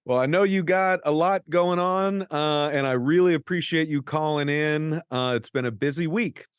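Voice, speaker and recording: A man's voice: fairly high pitch, normal speed, smooth, dry recording. A man from the United States hosting an interview from a studio, earnest and friendly, with long, winding questions.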